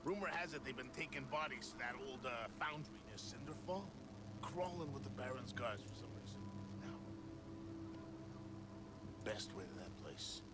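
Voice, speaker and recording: A man's voice: medium pitch, animated, normal speed, long pauses, very noisy, close to an everyday voice. An actor playing a sardonic middle-aged male fence in a video game, wry and grumbling. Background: game music.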